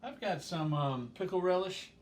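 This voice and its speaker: A relaxed man demonstrating a home-cooked dinner, chatty and unhurried, dropping fillers and small laughs as he works. His voice sits a bit on the high side for a man. The kitchen sound is roomy, picked up from some distance with a faint hum behind. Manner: easygoing, rambling with frequent um fillers and chuckles. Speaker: home cook hosting a cooking show. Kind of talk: casual cooking demonstration.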